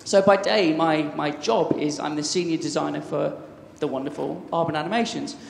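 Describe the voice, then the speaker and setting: A man's voice: a little high, steady tone, moderate pace, gravelly. Chatty man in an echoey hall. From England. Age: 30s. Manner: chatty and enthusiastic, with many restarts. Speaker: conference speaker. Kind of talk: conference talk. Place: large conference hall. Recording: echoey hall, faint background noise.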